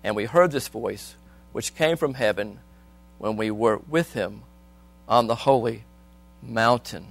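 A man preaching a sermon, reading scripture aloud and asking the congregation questions, swinging between soft and loud. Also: fairly low pitch, unhurried, creaky, long pauses.

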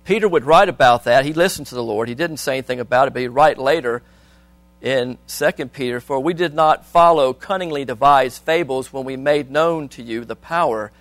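A man preaching a sermon, reading scripture aloud and asking the congregation questions, swinging between soft and loud. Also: mid-range voice, fairly quick, dry recording.

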